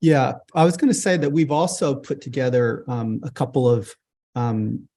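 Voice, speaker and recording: A man hosting a business webinar on a video call, halting with fillers but upbeat. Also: medium pitch, fairly even intonation, warm tone. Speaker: webinar host, business advisor.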